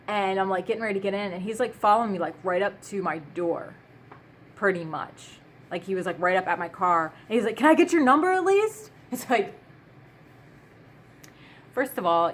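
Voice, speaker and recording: A woman's voice: on the low side, fairly bright tone, a little hiss or hum. A woman vlogger telling stories in a casual, chatty way, full of fillers and laughing asides. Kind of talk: casual storytime.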